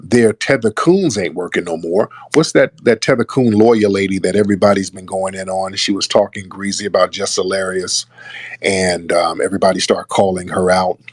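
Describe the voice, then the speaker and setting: Husky low-voiced man ranting. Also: fairly even intonation, moderate pace, dry recording. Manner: emphatic, scornful, mimics others. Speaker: online commentator. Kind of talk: casual political commentary.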